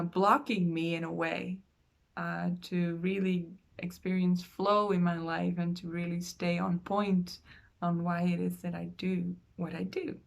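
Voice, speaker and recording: A woman coaching her online audience, unhurried and earnest. She talks gently, with long pauses, at a middle pitch. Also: vocal fry. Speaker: soul coach. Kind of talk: slow heartfelt online talk.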